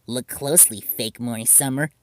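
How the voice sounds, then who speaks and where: A man voicing an excitable, melodramatic young girl who acts as a dark servant. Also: normal speed, dry recording, lightly acted. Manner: shrill, melodramatic.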